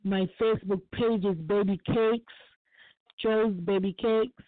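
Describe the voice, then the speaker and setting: A woman's voice: medium pitch, steady tone, measured pace. A woman speaks earnestly on a call-in show, repeating her phrases for emphasis. Her voice comes through a thin, phone-like line. The sound is dry, with no room echo. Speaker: guest on a call-in talk show. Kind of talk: emotional personal testimony.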